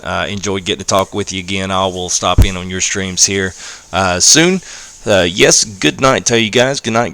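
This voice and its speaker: Deep gravelly male streamer. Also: no room sound. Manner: rambling, many fillers, friendly shout-outs to chat. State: slightly hoarse. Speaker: game streamer. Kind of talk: casual live-stream commentary.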